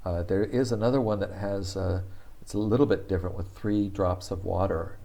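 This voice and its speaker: A man giving a casual spoken language lesson, thinking aloud with frequent fillers and repeating words slowly for practice. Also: deep voice, steady tone, vocal fry, mellow. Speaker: language teacher.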